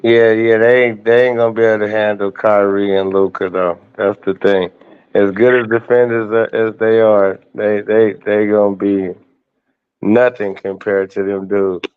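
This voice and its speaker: A man's voice: fairly low pitch, flat delivery, moderate pace, clear, resonant tone. A man in a casual sports chat, thinking aloud and hesitant in his picks. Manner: thoughtful, hesitant. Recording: dull lo-fi audio.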